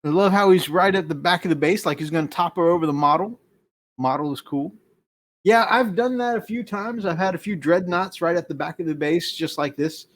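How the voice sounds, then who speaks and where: A man's voice: a little high, a little fast. A man hosting a casual live stream chat, enthusiastic, with many fillers. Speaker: host.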